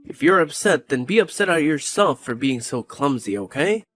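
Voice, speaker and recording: A man's voice: a little high, expressive, fairly bright tone, faint music behind. A man playing a callous, blaming husband. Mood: scornful. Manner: cold, scornful, quick to blame. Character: callous dismissive young husband.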